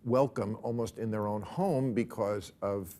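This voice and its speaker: A man's voice: lowish voice, measured pace, warm tone. A man hosting a panel discussion in a TV studio, with a dry, wry conversational manner. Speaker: talk show host.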